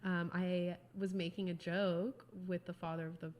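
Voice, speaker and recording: A woman's voice: on the low side, level tone, moderate pace, a little mellow, slight background noise. A woman, a guest and wedding photographer, chatting casually, laughing and digressing as she talks. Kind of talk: casual podcast chat.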